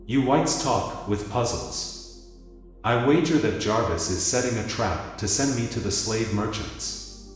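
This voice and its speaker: A man's voice: fairly low pitch, expressive, unhurried. A man voicing a proud, defiant freed Black man, in a dramatic reading in an echoey hall. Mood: bitter. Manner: bitter, distrustful. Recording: echoey hall with music behind.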